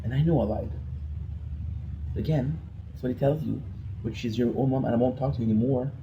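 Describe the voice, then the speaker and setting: A man's voice: mid-range voice, fairly quick, background noise. A man vlogging an emotional personal rant, rambling and frustrated, often restarting his sentences.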